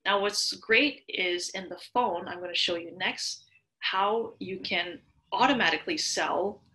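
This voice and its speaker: A woman's voice: on the low side, unhurried, sharp tone, poor audio. A woman hosting a screen-share tutorial, chatty and explaining step by step with worked examples. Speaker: tutorial host.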